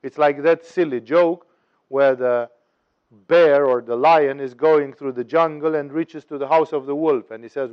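A man's voice: fairly high pitch, unhurried, clean tone. A man giving a spiritual teaching talk, telling parables with wry humor and acting out their voices. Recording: dull lo-fi recording.

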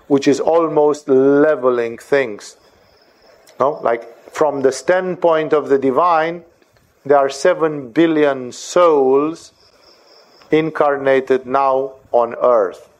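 A man giving an animated lecture on scripture, often asking rhetorical questions and checking for agreement. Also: mid-range voice, slow. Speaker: spiritual teacher.

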